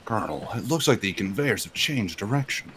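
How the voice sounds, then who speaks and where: A man's voice: fairly low pitch, animated, brisk, a bit bright, a little hiss or hum. A man joining a live game stream, bantering with jokes and mock-reading the on-screen text. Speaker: co-commentator. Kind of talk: live-streamed gameplay chat. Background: game music.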